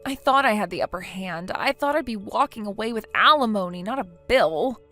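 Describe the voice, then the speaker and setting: A woman's voice: mid-range voice, expressive, a little fast, pushed and bright, soft background music. A woman voicing a whiny, self-pitying wife. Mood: defensive. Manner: whiny, defensive. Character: self-pitying young wife who cheated. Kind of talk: text story narration.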